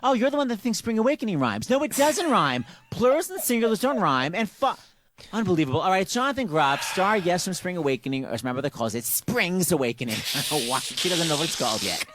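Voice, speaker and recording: Fast, lively, teasing male radio host. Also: sits high, slight background noise. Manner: gushing, teasing, rapid-fire questions. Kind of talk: celebrity interview. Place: radio studio.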